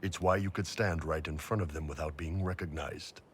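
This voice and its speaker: A man voicing a soldier and commander in a video game, speaking in a steady, assured way. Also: low voice, moderate pace, slight background noise, natural voice. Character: gruff male soldier and commander.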